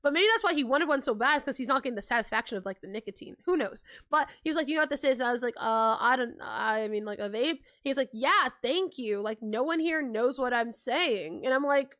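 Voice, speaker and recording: A woman's voice: high voice, lively intonation, moderate pace, a bit bright. A young woman from California chatting casually on a livestream, telling stories with lots of "like", acting out quotes and laughing often. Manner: says like a lot. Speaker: livestream host.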